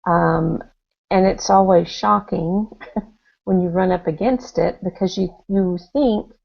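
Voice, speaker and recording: A woman's voice: fairly low pitch, slow pace, creaky, darkish tone. A woman client on a group coaching call, chatting casually and thinking aloud in a hesitant way. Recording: dull lo-fi call audio.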